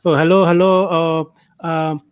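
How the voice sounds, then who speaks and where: A pushy, hurried phone scammer with an Indian accent, put on by a man telling a story. The voice sits well above his own natural pitch. The sound is dry and close. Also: little pitch movement, smooth, no echo, natural voice. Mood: fake friendly. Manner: hurried, pressing for a number.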